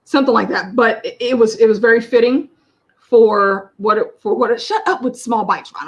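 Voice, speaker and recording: Female host, casual chat, animated, quick bursts, higher register. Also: highs cut off.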